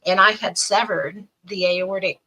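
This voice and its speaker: A middle-aged woman, a podcast guest, telling a personal story in an animated way and acting out the voices of the people in it. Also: medium pitch, unhurried, slightly rough, rough recording.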